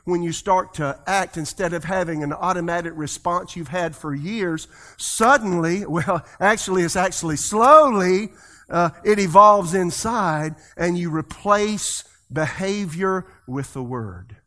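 Man, pastor, sermon, fairly high voice, animated, loud and soft swings, call-and-response. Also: a little slow. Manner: leads the congregation in call-and-response.

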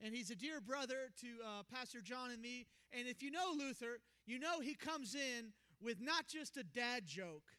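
A young man preaching a sermon as pastor, telling a story with animated, acted-out quotes. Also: very high-pitched, moderate pace, hardly any pauses, smooth. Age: young adult.

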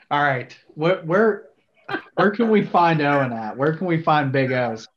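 A man's voice: fairly high pitch, slow, highs cut off, slight background noise. A man hosting a casual podcast chat, asking questions in a laid-back way.

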